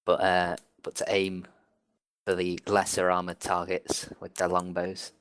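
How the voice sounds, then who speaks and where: A man playing a tabletop game, describing his character's actions in a deliberate way. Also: sits low, monotone, a bit bright, no echo. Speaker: player.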